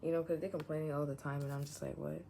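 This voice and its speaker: A woman vlogger chatting casually and meanderingly, leaning on "like" constantly and sometimes dropping into soft whispers. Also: low-pitched, flat delivery, rapid-fire, poor audio. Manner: meandering, heavy use of "like", drifts into soft whispers, laughs often. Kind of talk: casual rambling chat. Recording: clearly audible background noise.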